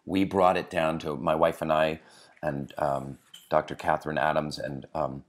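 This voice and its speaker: A podcast host conducts an interview in a bass voice at normal speed, his delivery flat. He's enthusiastic but feels his way through his questions, searching for words and leaning on fillers.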